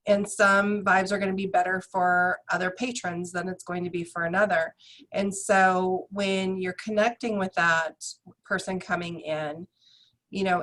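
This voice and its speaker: A woman's voice: mid-range voice, fairly bright tone, low-quality recording. A woman speaking earnestly and emphatically as a panelist on a video call. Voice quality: earnest, emphatic, restarts often. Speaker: beauty school director, panelist. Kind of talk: conversational panel talk.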